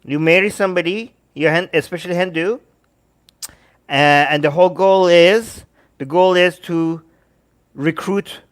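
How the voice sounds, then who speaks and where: A man hosting a livestream, reacting to videos with sarcastic, animated commentary and talking to his chat. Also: high voice, unhurried, pauses often, smooth. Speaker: livestream host.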